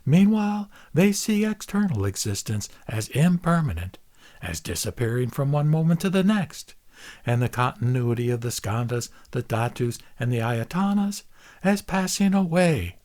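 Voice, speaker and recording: A man reading a Buddhist scripture aloud in a measured, solemn recitation. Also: medium pitch, sing-song, darkish tone. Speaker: reader.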